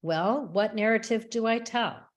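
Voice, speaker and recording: A woman giving a measured, reflective prepared talk as a webinar speaker, with small restarts now and then. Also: on the high side. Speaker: rabbi and chaplain speaker. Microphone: webinar microphone.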